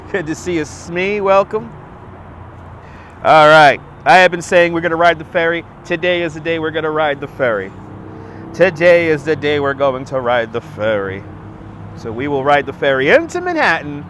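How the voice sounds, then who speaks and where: He has a fairly high, somewhat bright voice with lively intonation and a moderate pace. Streaming live while walking a city street, phone on a gimbal, he chats upbeatly and welcomes viewers by name. His nose is a bit stuffy and his voice may crack, with faint street and traffic sounds behind him.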